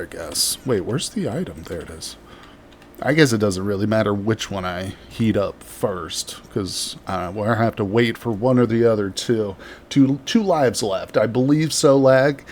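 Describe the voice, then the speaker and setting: A man's voice: on the low side, darkish tone, a little hiss or hum. Chatty joking male game streamer. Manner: jokey, rambling and chatty. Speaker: livestreamer. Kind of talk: live gameplay commentary chatting with viewers. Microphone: microphone very close to the mouth.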